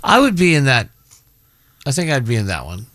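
A man's voice: medium pitch, huge pitch swings, fairly quick, fairly bright tone, no echo. Middle-aged guy host rambling along, lots of ups and downs in his voice, dry close sound. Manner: rambling, self-interrupting, chatty. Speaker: show host. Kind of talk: casual radio chat.

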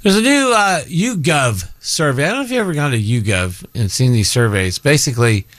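A man's voice: medium pitch, sing-song, brisk, fairly bright tone, no echo. A middle-aged man hosting a casual chat show, rambling and often breaking off mid-sentence. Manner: rambling, self-interrupting, chatty. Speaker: show host.

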